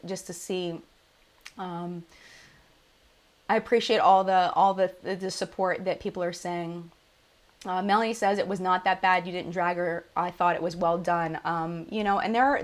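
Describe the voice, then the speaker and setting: Tearful woman hosting a live chat. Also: on the low side. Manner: apologetic, emotional, many restarts. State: crying. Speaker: beauty channel host.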